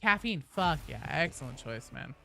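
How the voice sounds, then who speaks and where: A woman's voice: sits low, animated, normal speed, gravelly, bright, forceful tone, slight background noise. A woman streaming a game live, chatting casually and playfully with viewers and swearing freely.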